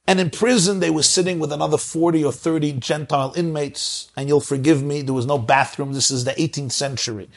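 A man's voice: a little high, steady tone, fairly quick, gravelly, hardly any pauses. A man giving a spiritual talk, telling stories in an emphatic way and stacking up repeated phrases. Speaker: spiritual teacher. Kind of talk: sermon storytelling.

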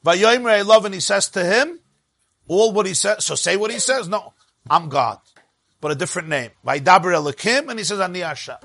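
A man's voice: high voice, expressive, fairly quick, creaky, a bit bright, no echo. A man with teaching a Torah lesson, rising and dropping sharply for emphasis. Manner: emphatic, rises and drops sharply for stress.

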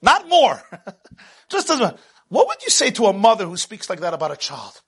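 Male religious teacher preaching; high, bright voice; lively delivery that swings between hushed and loud. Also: normal speed, slightly rough. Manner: animated, swings from hushed to loud, laughs at own jokes. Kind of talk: sermon.

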